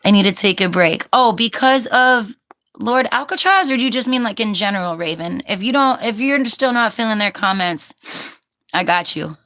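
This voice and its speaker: A woman's voice: medium pitch, expressive, normal speed, fairly bright tone. A woman hosts a casual livestream and reads out viewer comments. She talks in a loose, chatty way and laughs often, and she turns firm when a commenter gets rude. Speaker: livestream host.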